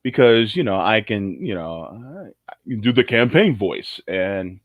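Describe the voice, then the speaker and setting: A man's voice: on the low side, sing-song, measured pace, dry recording. A man co-hosting a casual livestream chat, rambling and jokey with many restarts. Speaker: co-host. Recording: muffled lo-fi audio.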